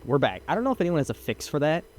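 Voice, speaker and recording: A young man giving casual let's-play commentary as a gaming streamer, chatty and excitable, swearing and laughing as he plays. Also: on the high side, rapid-fire, a little hiss or hum.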